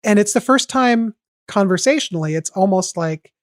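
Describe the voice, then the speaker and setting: A man's voice: sits high, lively intonation, normal speed, dry recording. Man analyzing a melody, dry sound. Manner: analytical, walks through the notes step by step. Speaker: podcast host. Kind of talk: casual music analysis chat.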